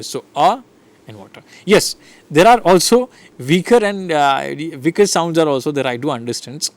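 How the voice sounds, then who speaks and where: Animated Indian man teaching intonation. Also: a little high, normal speed, no echo. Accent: Indian English. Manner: animated, demonstrates rhythm and intonation with repeated examples; asks listeners frequent "right?" checks. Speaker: English teacher. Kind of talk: classroom lecture on intonation.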